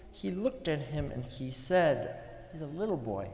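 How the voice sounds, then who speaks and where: A man giving a sermon at a religious gathering, telling stories in an earnest way with pauses. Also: on the high side, animated, a little mellow. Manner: earnest, storytelling with pauses, some restarts. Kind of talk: sermon storytelling. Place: mosque hall. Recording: echoey hall with long reverb.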